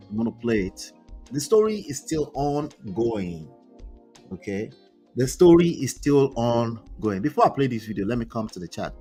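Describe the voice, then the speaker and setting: A man's voice: medium pitch, husky. A man hosting a casual live stream, reading posts aloud and reacting with chatty asides. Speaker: relationship commentary host.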